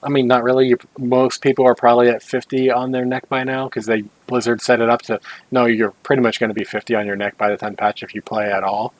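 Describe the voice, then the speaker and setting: A man chatting casually on a gaming podcast at an average pitch. He rambles, corrects himself as he goes and drops jokey asides. The sound is dry and close. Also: level tone, fast talker, few pauses, no echo, rough recording. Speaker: podcast co-host.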